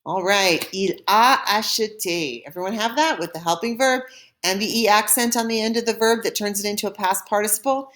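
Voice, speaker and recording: A woman's voice: medium pitch, fast, fairly bright tone. A woman teaching a recorded French lesson, explaining step by step with patience and modeling pronunciation for learners to repeat.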